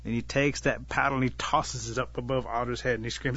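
A man telling a traditional animal tale in an unhurried, folksy way, giving the animals light voices of their own. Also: mid-range voice, fairly even intonation, dull audio, a crowd in the background. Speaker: storyteller. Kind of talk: oral storytelling of a traditional tale.

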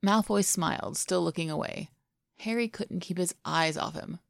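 A woman narrating a fan fiction story aloud in an even, intimate storytelling way. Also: fairly low pitch, normal speed, vocal fry, no echo, studio quality. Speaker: podfic reader.

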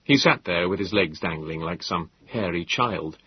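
A man narrating an audiobook in a measured, expressive storytelling manner. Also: low voice, muffled recording, a little hiss or hum. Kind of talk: scripted narration.

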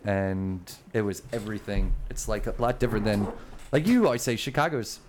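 A man's voice: fairly low pitch, fairly quick, darkish tone, a little hiss or hum. A rambling man chatting casually. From Maryland, between DC and Baltimore. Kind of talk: casual podcast chat.

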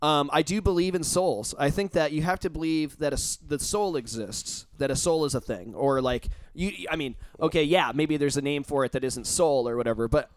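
A man with a fairly high voice chats loosely, rambling through his points and swearing freely for emphasis. The sound is dry and close, with no room behind it. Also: normal speed, few pauses, no room sound. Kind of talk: casual chat.

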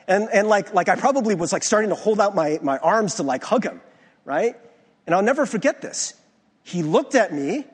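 Animated husky pastor in a hall. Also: male voice, sits high. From United States. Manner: conversational, animated, many restarts and "like". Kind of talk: sermon with personal stories. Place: church sanctuary. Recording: long hall reverb from a church.

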